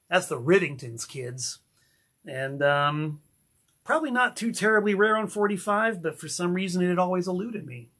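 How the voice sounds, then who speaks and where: A middle-aged man who runs a record label, showing off records he found with excited exclamations and sung snippets. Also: sits high, moderate pace. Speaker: record label owner and vlogger. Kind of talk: enthusiastic record collection show-and-tell.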